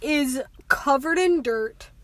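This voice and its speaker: A woman's voice: high voice, takes it slowly, dry recording. A young woman in a casual podcast chat, eagerly building made-up romantic scenes step by step. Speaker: podcast host.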